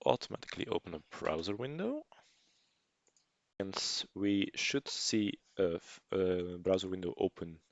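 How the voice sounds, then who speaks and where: A man's voice: low-pitched, creaky, fairly bright tone, dry recording, lo-fi sound. A man narrating a screencast coding tutorial, explaining casually with fillers and restarts. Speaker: programming tutor.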